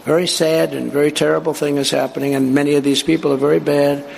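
A man's voice: fairly high pitch, little pitch movement, quick pace, gravelly. Emphatic man at a rally. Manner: rambling, repetitive, emphatic. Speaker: political speaker. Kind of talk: rally speech. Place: large venue with a live crowd. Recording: echoey hall with crowd noise.

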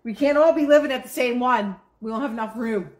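A woman's voice: on the high side, fairly quick, darkish tone. A woman hosting a live stream, giving a casual motivational pep talk to her chat in a blunt, profane, emphatic way.

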